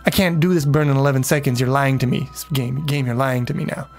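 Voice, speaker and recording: A man's voice: mid-range voice, steady tone, fast, a little mellow, soft background music. A man casually commenting on his game during a livestream, rambling, swearing freely and chatting with viewers. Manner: rambling, profane, talks to chat.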